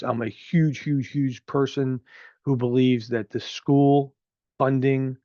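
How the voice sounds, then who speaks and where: A man's voice: medium pitch, mellow, dry recording. Chatty middle-aged man, muffled dry sound. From New Jersey. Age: 50s. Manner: chatty, rambling, with frequent filler words. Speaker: show host. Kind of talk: opinionated local commentary.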